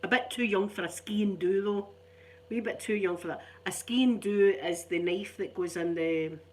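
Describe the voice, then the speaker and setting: A woman's voice: lowish voice, slight background noise. A middle-aged woman with a Scottish accent, rambling in casual chat as an ASMR channel host, chatty and self-mocking. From Scotland.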